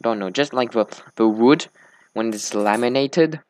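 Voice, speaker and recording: A man's voice: medium pitch, unhurried, a little mellow, clear, resonant tone, no room sound. Male let's-play host, sleepy and slurring, rambling chat, dry close sound. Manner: rambling small talk, slurred words. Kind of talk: casual gameplay commentary.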